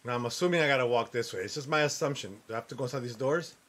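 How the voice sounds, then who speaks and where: A man's voice: mid-range voice, rapid-fire. A man in his forties giving casual, jokey gameplay commentary, talking back to characters on screen and swearing freely. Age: 40s. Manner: joking, loud and swearing, talks to characters on screen. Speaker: gaming streamer.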